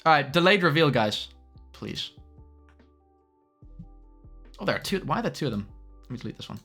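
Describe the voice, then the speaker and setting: A young man streams live and chats casually, tossing quick asides to his viewers. His voice sits a little high and sounds bright and forward. Faint music plays behind him. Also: big pitch swings, husky. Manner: chatty, quick asides to chat.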